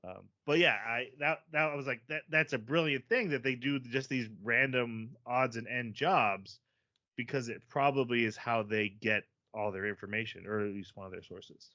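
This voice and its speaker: Bright-voiced man chatting about anime. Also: medium pitch, normal speed, dry recording, highs cut off. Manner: animated, self-deprecating, laughs often. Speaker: podcast co-host. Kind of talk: casual chat.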